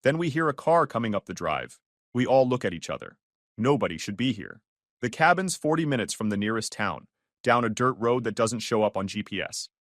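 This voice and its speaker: Sardonic male storyteller, lively pitch. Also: fairly quick, no room sound, clean studio sound. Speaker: narrator. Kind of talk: first-person story narration.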